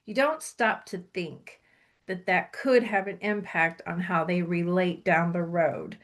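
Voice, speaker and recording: A woman's voice: lowish voice, unhurried. A woman hosts a casual online show, leading it enthusiastically with many fillers, heard over a video call. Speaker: host.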